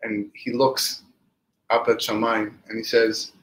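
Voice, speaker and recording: A man, a rabbi, giving a storytelling Torah class and lively acting out the quoted speech of the people in his stories. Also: on the low side, takes it slowly, roomy sound, poor audio.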